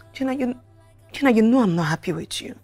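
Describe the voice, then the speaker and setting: A sick pregnant young wife. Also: female voice, on the high side. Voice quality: lively on the phone, weak and whispery when ill.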